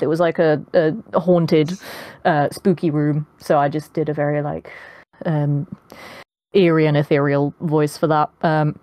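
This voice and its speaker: Her voice is low-pitched and a little mellow, recorded clean in a studio with no room sound. She's a young adult voice actress with a posh British accent, chatting as a podcast guest in a casual interview, laughing often and using plenty of ums.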